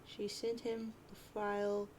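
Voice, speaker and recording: A woman's voice: medium pitch, monotone, measured pace, a little mellow, slight background noise, rough recording. A woman reading a webcomic aloud, chatty with jokey asides. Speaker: reader of a webcomic.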